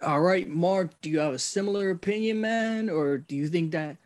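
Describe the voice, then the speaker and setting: An excitable man hosting a casual sports talk show, with a fairly high voice. He keeps circling back to the same catchphrases and drops the odd curse. The recording is dry and close. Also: moderate pace, no room sound.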